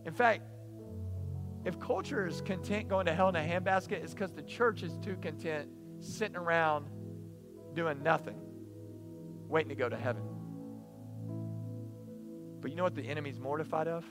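A man preaching a sermon in an animated, emphatic, storytelling way. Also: a little high, normal speed, long pauses, over music. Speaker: pastor.

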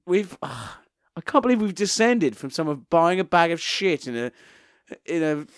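Higher-voiced male co-host, cheeky deadpan jabs, dry close mic. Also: unhurried, no echo. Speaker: podcast co-host. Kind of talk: casual comedic banter.

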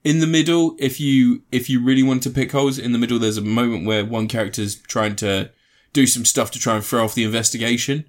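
A man in casual podcast chat about films, rambling and swearing, animated as he retells scenes. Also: mid-range voice, fairly quick, hardly any pauses.

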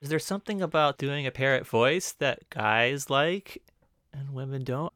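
Measured male radio host. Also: medium pitch, pushed and bright. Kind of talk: radio interview and narration.

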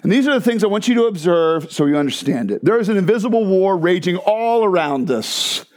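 A man's voice: sits high, lively intonation, fairly quick, darkish tone. A man preaching a sermon to a crowd in a church hall, joking and asking the listeners questions. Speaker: pastor.

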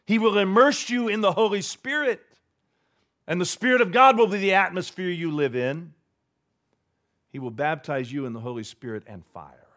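A man preaching a sermon, swinging between loud declarations and hushed asides. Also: a little high. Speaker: pastor.

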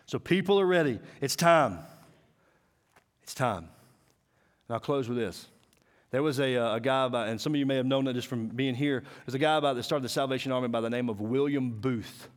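A man's voice: medium pitch, fast. Folksy man preaching. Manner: folksy storytelling, acts out voices, drops to hushed intensity. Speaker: school chapel speaker. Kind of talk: sermon.

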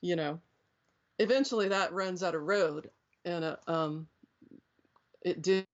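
In a measured pace and a fairly low pitch, a middle-aged woman tells reflective stories of her past as an interview guest. She rambles, restarting often and leaning on fillers. The sound is dull and lo-fi.

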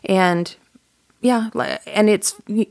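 A woman's voice: mid-range voice, slow pace, darkish tone, no echo, studio quality. A woman guest telling personal stories in casual conversation. She laughs often and restarts her sentences. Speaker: podcast guest. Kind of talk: casual storytelling.

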